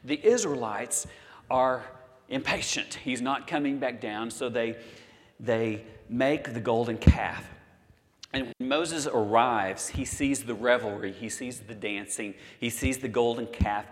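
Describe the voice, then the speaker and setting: Quoting scripture in his sermon, a pastor in his sixties lets dramatic pauses hang between lines. He speaks at a typical male pitch, and every phrase echoes with the long reverb of a church hall.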